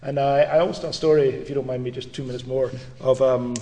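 A middle-aged man giving a public lecture as a brisk storyteller with lively asides. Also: mid-range voice, a crowd in the background. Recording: reverberant lecture hall.

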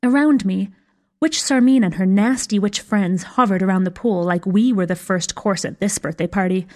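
A woman reads a scripted first-person fantasy story aloud with wry, dry humor. Her voice is medium-pitched and her pace moderate.

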